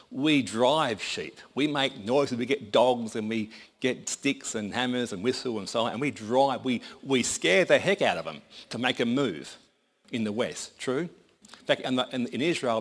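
A man preaching a sermon in a conversational, folksy storytelling manner. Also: on the low side.

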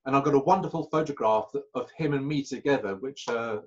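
Man, storytelling guest, halting, self-correcting, dull lo-fi call audio. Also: mid-range voice, a little mellow. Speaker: magician guest. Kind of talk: anecdotal interview chat.

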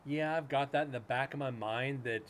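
This man's paranormal livestream comes from a home room where a cat is close by, and there's a little hiss or hum on the audio. He talks at a moderate pace with medium pitch, rambling casually and swearing now and then.

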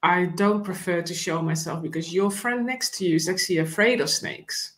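Woman quoting a calm talking snake. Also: lowish voice, moderate pace, close to an everyday voice. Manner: quoted in an everyday storytelling voice. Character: calm talking snake, male, under a fallen tree.

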